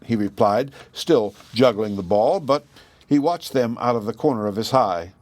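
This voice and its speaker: Male storybook narrator, gentle and expressive, dry close recording. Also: mid-range voice, moderate pace, no room sound. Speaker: audiobook reader.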